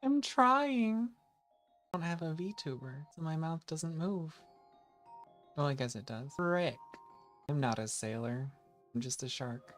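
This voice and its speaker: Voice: mid-range voice, unhurried, faint music behind. A streamer hosting a casual livestream, playful and jokey, catching their own swears.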